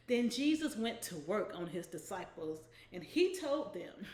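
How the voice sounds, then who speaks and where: Slow-talking woman giving a devotional. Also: mid-range voice, big pitch swings, a little mellow, roomy sound. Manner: conversational, often adds "right?". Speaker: devotional host. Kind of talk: weekly inspirational devotional talk.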